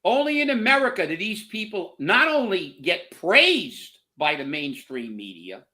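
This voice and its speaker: Fired-up, bright-voiced ranting man. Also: high-pitched, very animated, measured pace. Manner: heated, profane, repeats words when worked up. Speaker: co-host of political commentary show. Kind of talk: angry political rant.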